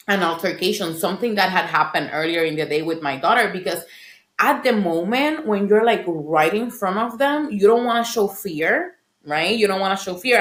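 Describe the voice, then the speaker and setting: A middle-aged woman, a parent coach, earnestly telling her personal story in conversation and often checking in with "right?". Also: medium pitch. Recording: roomy echo.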